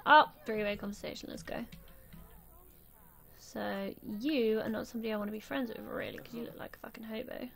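A woman's voice: fairly high pitch, gravelly. A young woman giving casual gameplay commentary, chatty and swearing freely as she talks back at the game's characters. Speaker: gameplay video host.

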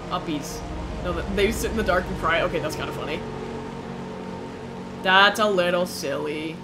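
A young woman streaming a game, chatting playfully with her viewers and squealing when excited. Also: on the low side, moderate pace, long pauses, music in the background. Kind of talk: casual gameplay commentary.

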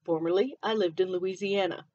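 A woman's voice: lowish voice, steady tone, normal speed, a little mellow, highs cut off. A woman from Michigan with a mixed Southern and Midwestern accent, hosting a casual solo podcast and chatting freely, often drifting onto tangents. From Michigan, USA. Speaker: podcast host.

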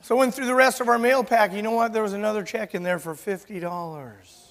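A pastor preaching a sermon, an animated storyteller who acts out the dialogue of his story. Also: high voice, quick pace. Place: church sanctuary. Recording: church hall reverb.

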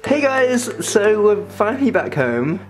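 A man's voice: sits high, sing-song, a little slow, faint music behind. A man hosting his own vlog, chatting upbeat and directly to his viewers. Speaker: vlogger host. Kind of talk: casual vlog chat to camera.

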